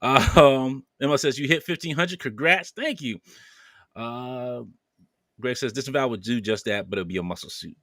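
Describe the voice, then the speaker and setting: A man's voice: mid-range voice, moderate pace, a bit bright, no echo, clean studio sound. A man hosting a podcast, casually reading viewer comments aloud with playful banter and frequent laughter. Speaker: podcast host.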